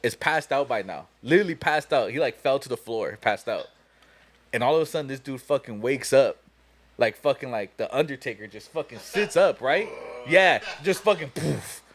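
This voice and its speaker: A man's voice: medium pitch, lively intonation, moderate pace, a bit bright. A young man hosting a podcast, telling a long story casually, profane and laughing as he goes. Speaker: podcast host.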